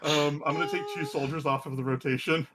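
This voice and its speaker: A man narrating as game master of a live-streamed tabletop game, relaxed and chatty with many pauses. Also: fairly high pitch, very noisy.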